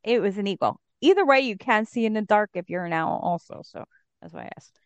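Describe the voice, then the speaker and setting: A woman's voice: mid-range voice, expressive, a little fast, no echo. A woman co-hosting a podcast, chatting casually and animatedly with playful asides as she recaps an episode. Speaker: podcast co-host. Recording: dry, dull lo-fi mic.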